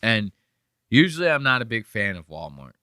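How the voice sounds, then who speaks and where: A man's voice: fairly low pitch, sing-song, normal speed, bright, forceful tone, clean tone, dry recording, studio quality. A man hosting a podcast, chatting in a rambling, joking and profane way. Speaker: podcast host. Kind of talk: casual podcast commentary.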